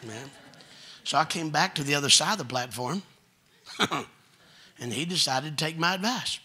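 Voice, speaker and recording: Folksy Kentucky preacher with a husky voice. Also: male voice, a little high, expressive, normal speed. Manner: folksy, joking, builds to loud preaching. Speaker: guest preacher. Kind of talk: storytelling sermon.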